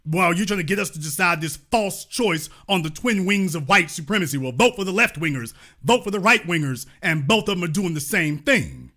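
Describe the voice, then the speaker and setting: A man with a very high, bright and sharp voice, talking with a lilt. He comments on played clips with biting sarcasm and swings into loud, heated outbursts. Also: animated, a little fast, hardly any pauses.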